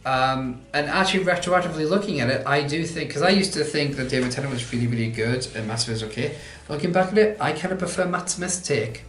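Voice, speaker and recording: A man's voice: a little high, quick pace, fairly bright tone, roomy sound. A man, answering viewer questions in a casual vlog, chatty and rambling, poking fun at himself. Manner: chatty, rambling, self-deprecating.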